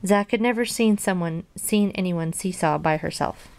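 A woman reading a children's storybook aloud in a plain, gentle way, dropping in casual asides. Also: fairly low pitch, normal speed, clean tone. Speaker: storybook reader.

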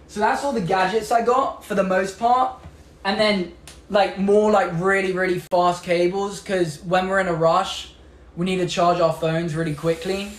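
A young man from England with a British accent hosts a casual live stream, chatting upbeat, showing off clothes and gadgets and answering viewer comments. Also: high voice. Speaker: livestream host. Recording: echoey room with faint background noise.

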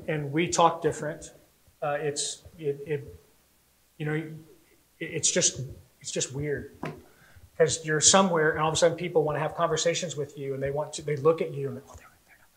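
An American man preaches a sermon from the pulpit, his voice pitched high. He tells stories with animation and slips into little voices for the people in them. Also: steady tone, normal speed, a bit bright, rough recording. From United States. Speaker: pastor.

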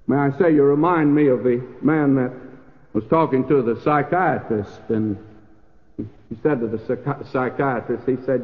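A man's voice: mid-range voice, moderate pace. An older man preaching a sermon in a church, folksy in manner and rising to emphatic peaks. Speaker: pastor. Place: church sanctuary. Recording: lo-fi phone-like old radio recording with long hall reverb.

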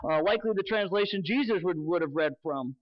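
High-voiced pastor preaching earnestly. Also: male voice. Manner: earnest, emphatic preaching with slow dramatic pauses. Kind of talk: sermon. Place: church sanctuary. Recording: dull lo-fi sermon recording.

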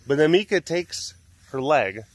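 Outdoors at a big cat sanctuary, a man with a voice on the high side hosts a casual vlog at a slightly slow pace. He tells stories in a relaxed way, laughing and softly cooing to the animals.

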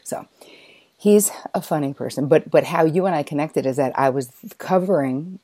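A middle-aged woman hosting an interview, telling a lively personal story in a chatty, animated way. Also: sits low, moderate pace, no echo. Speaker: podcast host.

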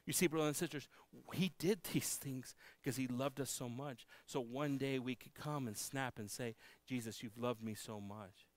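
A man preaching a sermon, moving between loud proclaiming and hushed pleading, with halting restarts. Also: medium pitch. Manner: halting, with many restarts and fillers. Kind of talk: bilingual sermon. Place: church.

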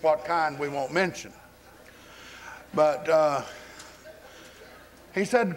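A man's voice: on the high side, drawn-out words, pauses often. Folksy preacher man telling a story. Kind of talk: sermon.

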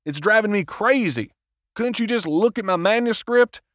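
A man's voice: fairly high pitch, expressive, measured pace, a bit bright, no room sound, studio quality. A man voicing a desperate, frustrated would-be author who pleads in a raised, agitated voice, read as an audiobook character. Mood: pleading.

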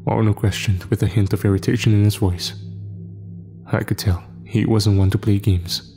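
A man narrating a scripted horror story in a steady, measured way. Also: on the low side. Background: faint music.

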